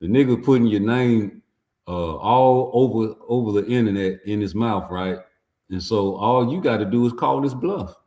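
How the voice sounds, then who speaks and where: A man's voice: fairly low pitch, moderate pace, mellow. A man giving a blunt, profane, heated boxing rant in a casual commentary style.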